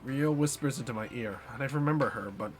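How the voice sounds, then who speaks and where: A man's voice: mid-range voice, quick pace. A man streaming a game live and reading its text aloud, with playful, jokey asides. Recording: faint game music behind.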